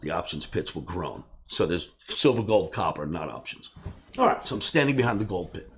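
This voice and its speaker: A man in his sixties, a trading educator, telling a personal story in an animated way and bursting into shouts when he acts out scenes. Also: mid-range voice.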